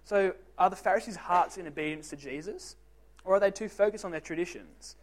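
The talk comes from a young man whose high voice moves a little quickly. Casual and joking, he teases himself and addresses the teens head-on with questions.

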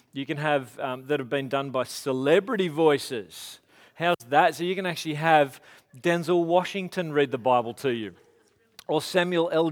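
Male pastor, casual rambling sermon delivery, light self-mocking humour, voice on the high side. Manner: chatty, rambling, self-deprecating asides. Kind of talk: conversational sermon.

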